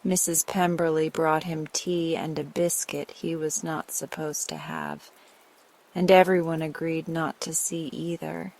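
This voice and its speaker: A woman narrating a bedtime sleep story in a soft, slow, soothing way. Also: low voice, lively intonation, gravelly, rough recording.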